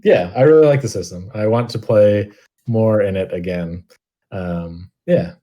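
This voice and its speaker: A man chatting casually as game master after a tabletop game, relaxed and full of fillers. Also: lowish voice, a little slow, highs cut off. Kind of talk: casual post-game chat.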